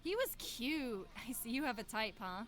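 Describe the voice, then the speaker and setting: A woman's voice: on the high side, big pitch swings, moderate pace, a bit bright, faint music behind. A woman voicing a nosy, teasing young woman in a comedic abridged dub. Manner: teasing, prying. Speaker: voice actor in a fan abridged series.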